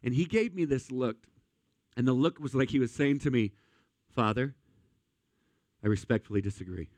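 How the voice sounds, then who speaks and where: A man preaching a sermon, a pastor who tells animated, comic stories from family life. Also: medium pitch, fairly quick, no echo.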